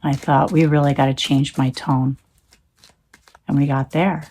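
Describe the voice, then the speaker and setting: A woman's voice: low-pitched, flat delivery, a little slow, darkish tone. A woman talking into her phone in a rambling, emphatic monologue, swearing when she gets heated. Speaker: tarot reader.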